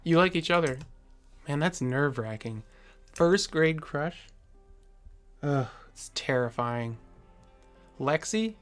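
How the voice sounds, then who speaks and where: A man's voice: on the high side, lively intonation, slow, long pauses, a bit bright, clear, resonant tone, faint music behind. A man hosting a live stream, chatting casually with viewers and answering their comments in a rambling, jokey way full of fillers and chuckles.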